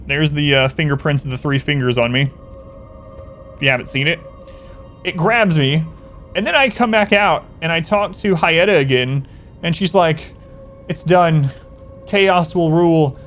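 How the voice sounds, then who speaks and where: A man chatting casually on a game stream, rambling through a story and answering chat. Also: fairly high pitch.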